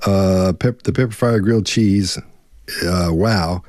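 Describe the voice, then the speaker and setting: A middle-aged man co-hosting a live online Q&A, telling a long story in a rambling, animated way and acting out the voices of the people in it. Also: sits low, slow pace, no room sound, studio quality. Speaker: co-host answering member questions. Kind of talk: casual storytelling chat. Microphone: online live stream.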